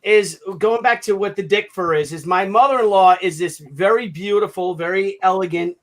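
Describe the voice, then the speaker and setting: A man co-hosting a casual live stream, telling anecdotes in an animated way and mimicking other people's voices. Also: high voice, normal speed. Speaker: co-host.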